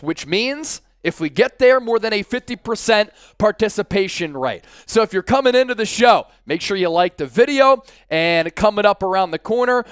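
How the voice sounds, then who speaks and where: High-voiced energetic live-stream sports host. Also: male voice, smooth, no echo, studio quality. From Philadelphia area, USA. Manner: energetic, hyped, chanting with the chat. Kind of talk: live-stream sports talk, reading chat shout-outs. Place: studio.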